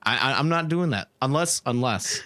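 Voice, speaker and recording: A man's voice: mid-range voice, lively intonation, normal speed, fairly bright tone, dry recording. A man hosting a podcast in casual chat, rambling and repeating words as he restarts his sentences. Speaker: podcast host.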